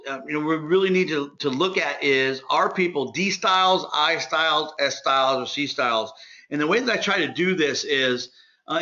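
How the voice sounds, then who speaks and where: A man giving a sales training talk, direct and energetic, speaking to his listeners like friends. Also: on the high side, lo-fi sound. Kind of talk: instructional talk.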